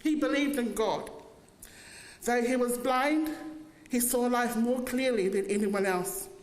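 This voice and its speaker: A woman's voice: on the high side, unhurried. New woman telling fond stories. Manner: fond, humorous storytelling. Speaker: family eulogist. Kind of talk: funeral eulogy. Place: church hall. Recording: echoey church hall, faint noise.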